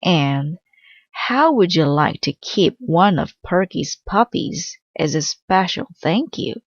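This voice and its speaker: A woman's voice: fairly low pitch, expressive, takes it slowly, slightly rough, no echo, heavily acted. A woman voicing a doting older lady in a storybook read-aloud. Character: fussy older lady dog owner, doting. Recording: slightly dull dry recording.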